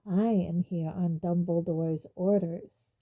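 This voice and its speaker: A woman voicing a cold, sneering male wizard teacher who speaks in a quietly waspish, silky way. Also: fairly low pitch, steady tone, slow, dull audio.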